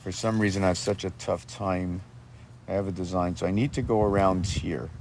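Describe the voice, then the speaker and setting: Man on his own video, rambling, free-associating, voice on the low side. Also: steady tone, brisk, a little mellow, slight background noise. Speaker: video maker. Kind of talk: rambling monologue. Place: outdoors with dogs.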